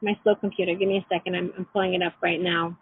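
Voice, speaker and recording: A middle-aged woman leading an online class, telling personal stories in a gentle, reflective way. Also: fairly low pitch, flat delivery, fast, husky. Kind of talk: teleclass lesson with personal stories. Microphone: phone or computer call. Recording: tinny phone line.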